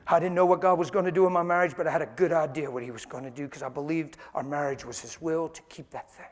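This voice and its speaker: Male preacher, high voice, animated storytelling sermon style. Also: fast, hardly any pauses, in a large hall. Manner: animated storytelling, laughs often.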